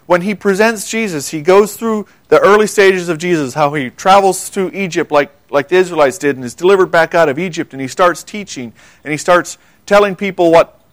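Male pastor preaching, slightly high voice, earnest and questioning, stumbles over words, dry close sound. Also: a little fast, hardly any pauses, no room sound. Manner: earnest, asks the audience questions, quiet for quoted words. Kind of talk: sermon.

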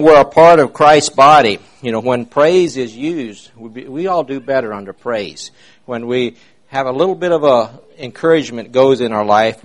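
A man preaching an informal, rambling sermon in a folksy way, with many fillers and restarts. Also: medium pitch.

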